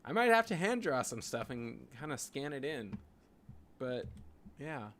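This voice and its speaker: A man's voice: mid-range voice, very animated, a little slow, fairly bright tone, a little hiss or hum. A man with a Canadian accent, a graphic designer rambling casually as he talks through his design work, full of "like" and "you know". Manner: thinking aloud, rambling with frequent "like" and "you know". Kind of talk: casual screen-share design vlog.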